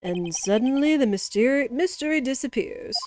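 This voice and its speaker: A woman's voice: high voice, animated, moderate pace, darkish tone, slight background noise. A woman voicing a flamboyant, flirtatious male French chef in an exaggerated fake French accent. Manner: theatrical, sing-song, over the top.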